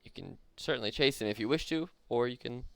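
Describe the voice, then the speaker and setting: A man's voice: medium pitch, fast, creaky, a bit bright, no echo. A young man narrating as dungeon master in a laid-back way, with vivid combat descriptions. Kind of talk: narrating a tabletop game.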